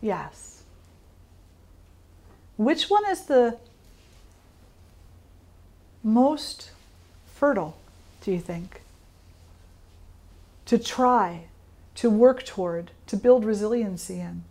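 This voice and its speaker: A woman yoga teacher giving an informal teaching talk, speaking in a calm, reflective way and putting questions to her listeners. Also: mid-range voice, drawn-out words, pauses often.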